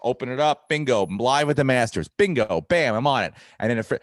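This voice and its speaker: A man's voice: mid-range voice, brisk, no room sound, clean studio sound. A middle-aged man, a podcast host, telling a comic story in casual chat, swearing freely and acting out the people in it. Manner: profane, animated, acts out dialogue.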